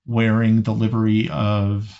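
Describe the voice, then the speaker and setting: A man's voice: lowish voice, monotone, unhurried, gravelly. A man narrating as game master of a tabletop game, hesitant and often restarting his sentences. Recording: slightly muffled lo-fi audio.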